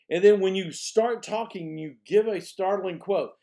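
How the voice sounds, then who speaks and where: A male college speech instructor recording a lecture, his voice sitting slightly higher than average. He talks in a relaxed, conversational way, checking in with "okay?" as he goes. When a point matters, he slows down and repeats the word for emphasis. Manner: emphatic, repeats key words for stress.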